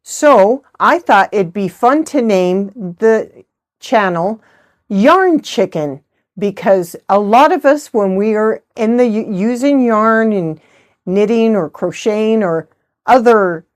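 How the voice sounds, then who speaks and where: A middle-aged woman hosting a crafting vlog, chatting in a rambling, good-humored way. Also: mid-range voice. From United States. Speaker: host of a knitting channel. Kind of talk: casual chat.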